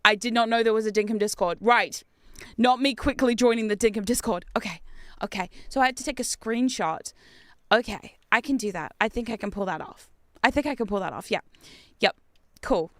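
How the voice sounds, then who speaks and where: An Australian woman streaming a game, chatting casually with viewers in an excitable, talkative way and laughing often. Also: fairly high pitch, fairly quick, dry recording, studio quality. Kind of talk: casual gameplay chat with viewers.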